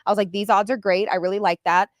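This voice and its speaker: A woman's voice: mid-range voice, level tone, fast, no room sound. A woman with a mid-range voice co-hosts a casual sports chat. She talks bluntly and outspokenly about betting. The sound is dry and close. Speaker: podcast co-host, betting analyst.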